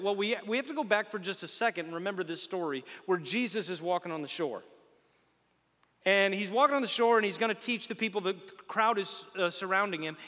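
A man preaching a sermon, conversational and animated, full of rhetorical questions and joking asides. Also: sits high, fairly quick, in a large hall. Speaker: pastor.

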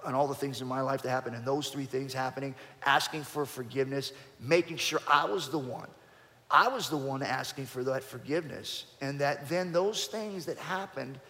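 A man in his fifties, a former fighter guest in an interview, telling a story in a lively way, often restarting his sentences and rising in pitch and loudness when he gets excited. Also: normal speed. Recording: long hall reverb.

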